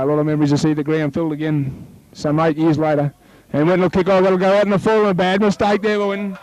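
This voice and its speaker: A man with an Australian accent calling a local rugby league match play by play, chatting with his co-commentator and rising to excited shouts on tries. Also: fairly high pitch, no echo, low-quality recording.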